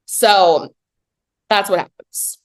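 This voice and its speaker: A woman giving a casual comedic movie recap, talking in a chatty, animated way with lots of "like" and dry low asides. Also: extremely slow. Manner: chatty and animated, heavy use of "like"; swings between excited high pitch and low deadpan asides.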